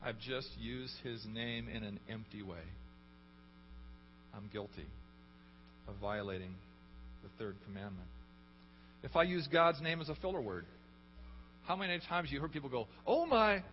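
A man's voice: mid-range voice, animated, moderate pace, long pauses. A man preaching a sermon, emphatic, often asking the congregation questions. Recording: echoey hall, dull lo-fi, faint hum.

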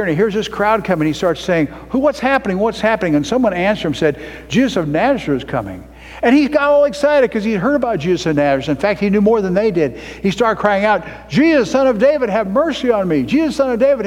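A man preaching a sermon, emphatic, with his voice climbing to loud high peaks. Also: long reverb tail.

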